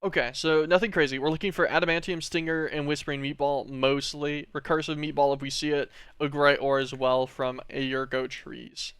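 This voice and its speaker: A man streaming a game, thinking aloud in relaxed, rambling commentary. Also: on the high side, moderate pace, few pauses, smooth, no echo, studio quality.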